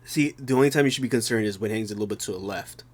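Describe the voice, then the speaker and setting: A man's voice: fairly low pitch, racing. Man cracking jokes as co-host. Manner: joking interjections, mock ad-read. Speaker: podcast co-host. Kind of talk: crude casual chat.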